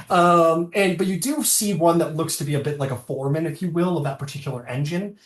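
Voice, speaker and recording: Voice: mid-range voice, brisk, few pauses. Game master, rambling narration, lots of fillers, echoey room. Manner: rambling, full of fillers and self-corrections.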